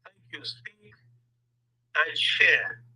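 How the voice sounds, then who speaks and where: A man's voice: very slow, sharp tone, rough recording. A man mentoring entrepreneurs, sharing upbeat and emphatic thoughts on a video call. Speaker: business mentor. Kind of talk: motivational sharing.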